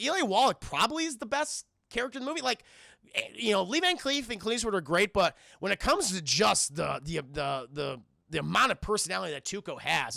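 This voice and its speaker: Gravelly man reviewing films to live chat. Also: high voice, no echo, clean studio sound. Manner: animated, profane, addresses chat often. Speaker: film review streamer.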